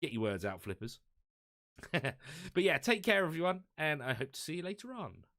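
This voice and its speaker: A man's voice: a little high, very animated, moderate pace, bright, forceful tone, no room sound. Guy streaming a game, chatty, laughs at himself, dry sound. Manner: chatty, self-deprecating, thinks aloud with fillers. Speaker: gaming streamer. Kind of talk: casual live-stream commentary.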